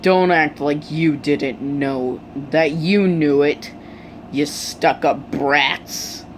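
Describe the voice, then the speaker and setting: Storyteller doing an enraged teen boy hero, snarling, slow, distant-sounding. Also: mid-range voice, a little hiss or hum. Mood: sneering.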